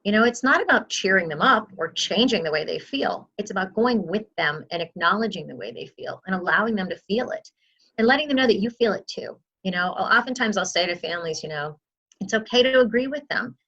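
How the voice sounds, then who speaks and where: A woman's voice: medium pitch, expressive, brisk, sharp tone, husky, dull audio. A woman who works as a memory outreach specialist, giving earnest advice in an interview and acting out what a caregiver might say.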